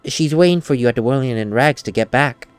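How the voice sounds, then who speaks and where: A young let's play gamer chats and giggles as he reads lines aloud during casual game commentary. His medium-pitched voice is clean and fairly quick, with soft music in the background.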